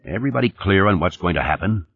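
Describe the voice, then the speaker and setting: A man reading the part of a gruff, commanding male company boss who talks curtly and coarsely, in an audiobook. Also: low voice, animated, fast talker, no room sound, full character voice. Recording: dull, dry studio recording.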